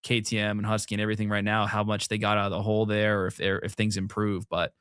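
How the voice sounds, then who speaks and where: A man's voice: lowish voice, completely flat delivery, fairly bright tone, smooth, no room sound, studio quality. A man co-hosting a casual motocross talk show, asking pointed questions and weighing things up. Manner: curious, questioning, measured. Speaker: show co-host.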